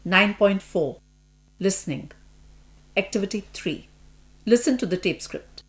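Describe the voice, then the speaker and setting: A woman's voice: medium pitch, animated, a little slow. A woman formally announcing course units and activity titles in a scripted educational recording. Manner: formal, crisp section announcements. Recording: faint mains hum.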